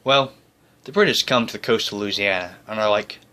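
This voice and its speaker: A man retells old battles as a lighthearted comic story, full of breezy asides. His voice sits a bit low but comes across bright and forceful. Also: fairly quick. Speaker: narrator. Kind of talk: comic history narration.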